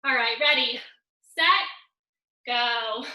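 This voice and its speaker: Female fitness instructor, high and very bright, upbeat countdowns, a bit winded, echoey room. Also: fairly even intonation, takes it slowly, a little hiss or hum. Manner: upbeat coaching, counting down reps, joking asides. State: out of breath. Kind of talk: live online workout class instruction. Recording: roomy echo.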